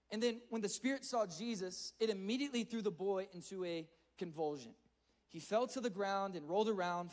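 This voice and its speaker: A man giving an earnest, conversational sermon to a youth audience, often repeating words as he speeds up. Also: sits high. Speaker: youth speaker.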